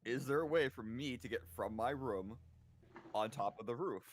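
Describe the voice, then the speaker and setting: A man's voice: mid-range voice, normal speed, crowd noise. A man playing in a tabletop game, chatting casually and joking with the group. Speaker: player. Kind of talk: casual tabletop role-play.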